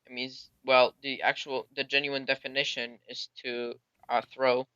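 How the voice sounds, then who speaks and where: A man's voice: medium pitch, level tone, moderate pace, bright, forceful tone, smooth, muffled recording. A man calling in to a debate, hesitant and searching for words as he argues. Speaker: caller. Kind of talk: call-in debate.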